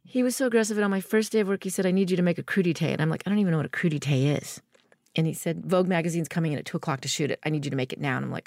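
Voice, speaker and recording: A middle-aged woman with a low, gravelly voice tells a long story in an interview. She acts out the people in it as she goes. The recording is dry and close. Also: racing, darkish tone, no room sound. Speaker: guest.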